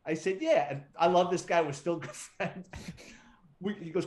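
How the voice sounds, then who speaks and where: A man's voice: high-pitched, very animated, normal speed, darkish tone. A middle-aged man, a retired police detective, telling stories as an interview guest in a casual, profane, wisecracking way and acting out other people's quotes. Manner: profane, wisecracking storyteller who acts out quotes.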